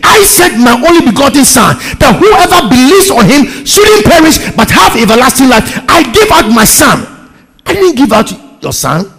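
A preacher voicing an almighty, commanding God. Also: male voice, big pitch swings, moderate pace, vocal fry, a bit bright, husky, in a large hall, heavily acted. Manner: booming and declaring.

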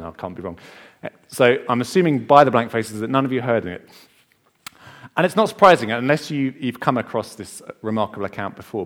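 A man's voice: medium pitch, fairly bright tone. A man preaching a sermon, telling a history story with chatty, joking asides to the congregation.

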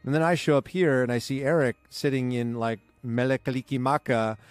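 A man from Southern California co-hosting a podcast, playful and animated, acting out little quotes as he tells stories. His voice is mid-pitched. The recording is close and dry. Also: brisk, dry recording, soft background music. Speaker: podcast co-host. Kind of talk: casual chat.

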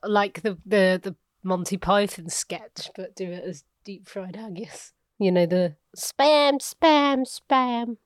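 A woman's voice: fairly low pitch, fairly even intonation, measured pace, hardly any pauses, darkish tone, dry recording, clean studio sound. A woman co-hosting a podcast, teasing and giggling through casual chat. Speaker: podcast co-host.

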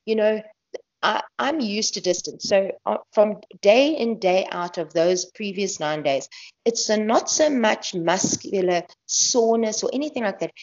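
A woman's voice: medium pitch, expressive, unhurried, darkish tone. A woman being interviewed about her running, chatty, laughing often and restarting her sentences. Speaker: guest ultramarathon runner. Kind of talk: casual interview talk. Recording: dull lo-fi podcast audio.

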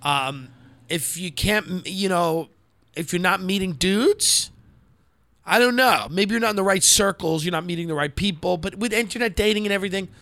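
A man's voice: sits high, normal speed, bright, forceful tone, dry recording. A man co-hosting a podcast in casual banter, blunt, brash and profane, giving unfiltered advice. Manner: puts on mocking voices. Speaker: podcast co-host.

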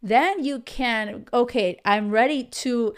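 A woman's voice: a little high, slow pace, clean tone. A young adult woman hosting a dating podcast, talking emphatically and directly to her listeners in casual commentary. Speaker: podcast host and dating coach.

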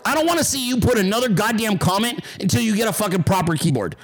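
A man's voice: high voice, expressive, quick pace, few pauses, rough recording. A man hosting a livestream, ranting at his chat with heavy profanity and mocking sarcasm. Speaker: livestream host.

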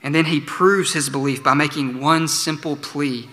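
A man preaching a sermon as pastor, earnest, slowing for emphatic pleas. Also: a little high, fairly even intonation, bright, forceful tone. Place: church sanctuary. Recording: church sanctuary with long reverb.

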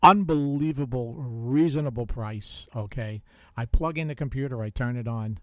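An older man with a Bronx, New York accent hosts a radio show from a studio, chatting casually, joking, and telling stories with easy laughter. His voice is medium-pitched and fairly bright, at a normal speed, in a dry, clean studio recording.

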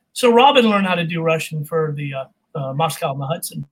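High, husky-voiced middle-aged man. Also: fairly quick, poor audio. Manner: animated, laughs often, imitates people. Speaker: guest, voice and accent coach. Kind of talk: casual interview storytelling.

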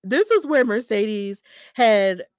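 A woman hosting a podcast, casually recapping a wrestling match in a chatty, excitable way and laughing often. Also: mid-range voice, slow pace, clean tone, no echo, clean studio sound. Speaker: podcast host.

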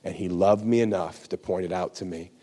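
A man's voice: low voice, steady tone, a little fast, mellow. A man preaching a sermon with impassioned, emphatic declarations. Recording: long hall reverb.

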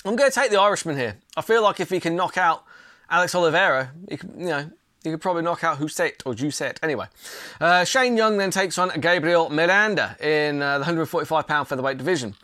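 A young man rattles through a casual fight preview, chatty and opinionated. His voice sits a little high, and the sound is dry and close. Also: lively intonation, fast talker, pushed and bright, dry recording. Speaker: MMA channel host.

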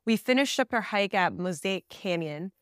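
A woman tells her adventure story in a casual, animated way, with plenty of fillers and laughter. Her voice sits at an everyday middle pitch. The recording is dry and close. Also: normal speed, dry recording. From Southern California. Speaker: podcast guest.

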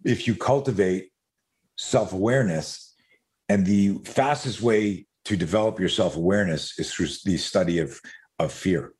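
A man's voice: deep voice, normal speed, a little mellow. A middle-aged man from Canada, a podcast guest, telling stories in a loose, rambling way, swearing casually and drifting into tangents.

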